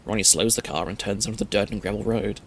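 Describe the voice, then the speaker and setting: A man streamer narrating a scary story in a steady, measured reading. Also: lowish voice, a little hiss or hum.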